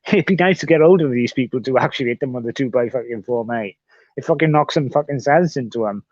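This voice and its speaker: A man chats on a livestream at an everyday pitch, rambling and circling back over the same points. He swears freely as he goes. The sound is muffled and dry. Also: fairly quick, a little mellow, no echo. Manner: rambling, swears often, repeats himself. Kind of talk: casual livestream chat.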